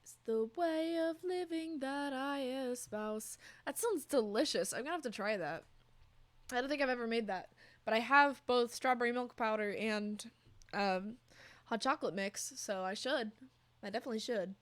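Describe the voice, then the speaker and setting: A woman's voice: on the high side, normal speed, fairly bright tone. A young woman streaming, chatting casually with her viewers and cooing over her cat. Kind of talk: casual chat with chat.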